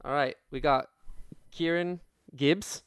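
A man's voice: fairly high pitch, steady tone, takes it slowly, clean tone, no echo, clean studio sound. A man from Washington State co-hosting a casual comedy podcast, joking around and playing a mock British accent. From Kirkland, Washington. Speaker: podcast co-host.

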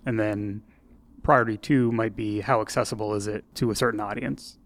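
A man's voice: on the low side, steady tone, a little fast. Rambling man co-hosting a design podcast. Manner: thinks aloud with many restarts and "like", "right?". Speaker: podcast co-host, game designer. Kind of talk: casual design discussion.

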